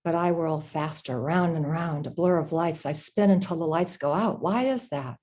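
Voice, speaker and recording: A woman reading her prose aloud at a literary event, in a measured, slow, dramatic way. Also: deep voice, darkish tone. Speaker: reader.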